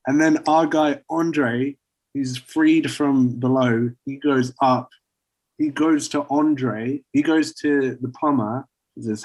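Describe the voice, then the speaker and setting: A man casually pitching a story idea to friends, rambling with lots of fillers. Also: takes it slowly, darkish tone, poor audio. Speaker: podcast co-host pitching a story. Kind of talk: casual chat.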